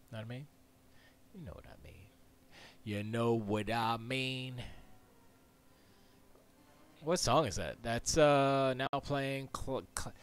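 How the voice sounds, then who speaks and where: A man's voice: mid-range voice, clear, resonant tone. A man chatting casually on a live stream from his music studio, rambling and slipping into mumbled near-whispers and nonsense rhymes.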